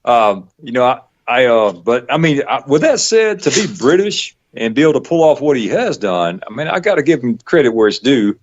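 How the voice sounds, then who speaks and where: A man with a Southern accent from the Atlanta area, chatting casually in a rambling, halting way with frequent laughs. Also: mid-range voice, very animated. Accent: Southern US, Georgia. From Georgia, US South. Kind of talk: casual chat. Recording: dull lo-fi podcast audio.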